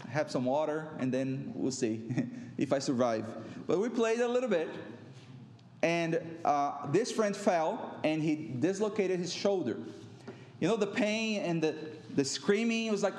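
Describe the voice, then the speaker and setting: A man's voice: on the high side, expressive, measured pace, darkish tone, slight background noise. A middle-aged man preaching a sermon as pastor, telling stories and acting out quotes conversationally. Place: church sanctuary. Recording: echoey church hall.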